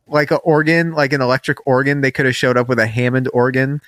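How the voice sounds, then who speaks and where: A man's voice: mid-range voice, level tone, fast, fairly bright tone, no echo. Joking man podcaster, dry sound. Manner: rambling, joking asides with restarts. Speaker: podcast co-host. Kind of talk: casual podcast chat.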